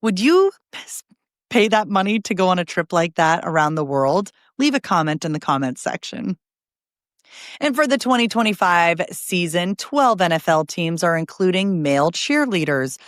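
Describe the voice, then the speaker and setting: Female news host, lowish voice, brisk roundup with chatty asides, dry close mic. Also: animated, dry recording.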